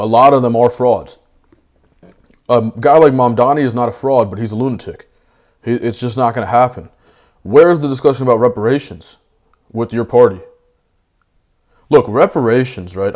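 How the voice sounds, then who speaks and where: Young male debater, brash and slangy, mid-pitched, heated and blunt. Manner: brash, profane, slangy, swings loud and fast. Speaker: debate panelist.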